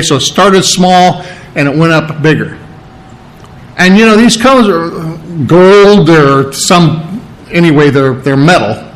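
A man's voice: a little high, fairly bright tone, rough recording. A man preaching a conversational sermon, chatty, checking in with his listeners and imitating sounds.

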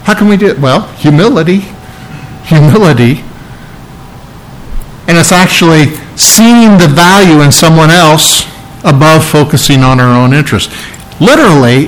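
A man's voice: a little high, animated, unhurried, poor audio. A man preaching a sermon, teaching earnestly and stressing key phrases by repeating them. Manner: earnest, emphatic teaching with repetition. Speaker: pastor.

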